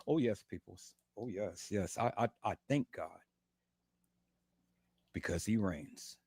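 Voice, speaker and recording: Man hosting a livestream from his bed, hurting, preaching thanks in a husky, dry, close-miked voice. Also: fairly low pitch, animated, takes it slowly, a little mellow, dry recording. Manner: fervent, repetitive, calls viewers "peoples". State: in pain, lying in bed. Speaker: livestream host. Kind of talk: preachy testimony to viewers.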